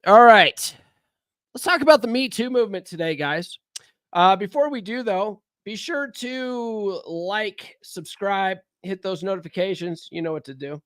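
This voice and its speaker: A man's voice: high voice, unhurried, a bit bright, no room sound, clean studio sound. A man hosting a casual livestream, rambling and conversational, recovering from a cold. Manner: rambling, conversational, frequent fillers and restarts. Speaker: livestream host.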